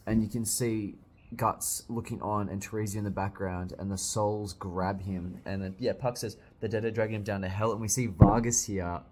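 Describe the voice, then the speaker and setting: A young man reading a manga aloud and reacting, excitable, swearing often and bursting into loud exclamations. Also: fairly low pitch. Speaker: manga reviewer.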